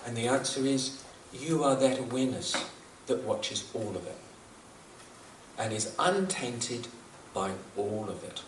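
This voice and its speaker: Pausing often at a measured pace, a medium-pitched man from New Zealand delivers spiritual teachings with lively intonation. Earnest and given to repetition, he chuckles at his own jokes. He's recorded from afar in an echoey room with slight background noise.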